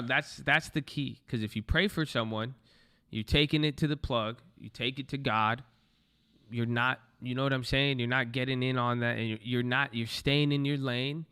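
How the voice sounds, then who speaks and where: Brief: young male livestream trader, gravelly edge, bright tone, blunt and profane, casual talk to viewers at his desk. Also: mid-range voice. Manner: blunt, swears, talks to chat.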